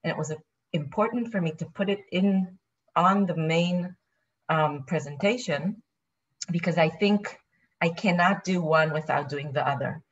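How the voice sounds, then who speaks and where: A woman's voice: fairly low pitch, a little slow, husky. Nervous woman lecturing over video call. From Israel. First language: Hebrew. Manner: nervous, apologetic, thinking aloud. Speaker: guest lecturer. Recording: dull lo-fi video call audio.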